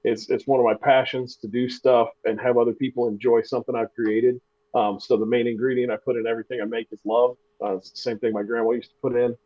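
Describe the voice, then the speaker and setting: A man in the middle of a relaxed podcast chat, spinning a story with self-deprecating humor and stumbling over his restarts. His voice sits at an ordinary pitch. The recording sounds a little dull and lo-fi. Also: quick pace. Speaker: podcast co-host. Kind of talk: casual chat.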